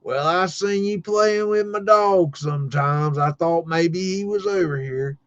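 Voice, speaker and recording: A man voicing a gruff, blunt old male tobacco farmer who talks in a slow, threatening drawl. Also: on the high side, no room sound, lo-fi sound, pitched above the performer's own voice, lightly acted.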